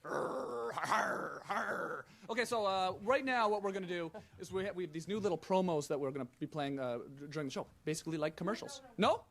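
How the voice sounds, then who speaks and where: High-voiced goofy male comedy host. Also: quick pace, few pauses. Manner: silly, playful, whiny. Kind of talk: goofy studio banter and street pranks.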